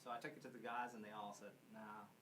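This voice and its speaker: Non-native english guy telling a story slowly, restarts a lot, rumble in the background. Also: little pitch movement, distant mic. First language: not English. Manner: halting, with restarts and chuckles. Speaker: band member, guitarist. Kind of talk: casual storytelling. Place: radio studio.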